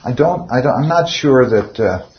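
A man's voice: medium pitch, animated, moderate pace, lo-fi sound. A man leading an informal Bible study, speaking conversationally and often putting rhetorical questions to his listeners.

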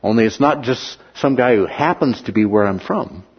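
A man preaching a sermon, telling stories with lively asides and reading scripture aloud. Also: medium pitch, normal speed, slightly rough, lo-fi sound. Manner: animated storytelling with asides.

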